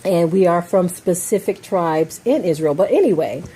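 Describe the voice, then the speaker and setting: A woman's voice: lowish voice, expressive, moderate pace, dark tone, breathy edge. An American woman giving an emphatic opinion monologue, often checking in with "okay?" and "right?". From United States. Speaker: commentator.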